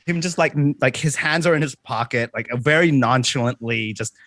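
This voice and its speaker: A man playing a tabletop game, talking in an excitable way and laughing often. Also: mid-range voice, a little fast, no room sound. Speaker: player. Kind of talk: casual tabletop play.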